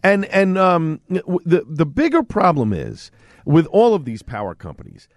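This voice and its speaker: A man's voice: a little high, a little mellow, dry recording, clean studio sound. A man co-hosting a talk radio show, ranting with indignation in casual chat. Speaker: radio co-host.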